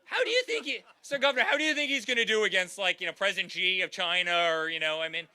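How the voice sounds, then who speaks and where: Speaking quickly in a high-pitched, pushed and bright voice, a man in his thirties delivers a campaign rally speech. He rallies the crowd repetitively and keeps addressing them as "guys."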